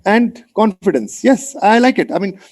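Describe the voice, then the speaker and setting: A man with an Indian English accent, leading a motivational online mentoring session, energetic and coaxing, repeating phrases for emphasis. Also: sits high, normal speed, noisy background. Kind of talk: motivational webinar talk. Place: video call.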